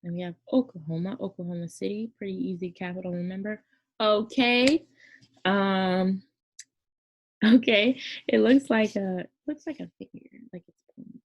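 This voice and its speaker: A woman's voice: mid-range voice, normal speed. A woman teaching a casual classroom lesson, talking in a chatty, rambling way with many fillers and self-corrections. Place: near Memphis, Tennessee. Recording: dull lo-fi sound.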